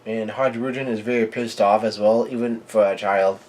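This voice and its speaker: A man reads a comic chapter aloud live on his own channel, reacting as he goes. His delivery is halting, full of fillers and restarts, and his voice is on the low side, flat and a little mellow.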